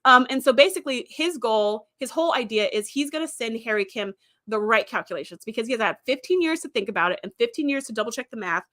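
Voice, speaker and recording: Bright-voiced woman recapping casually. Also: on the high side, animated, fast talker. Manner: chatty retelling with acted-out quotes and fillers. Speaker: host. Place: streaming setup.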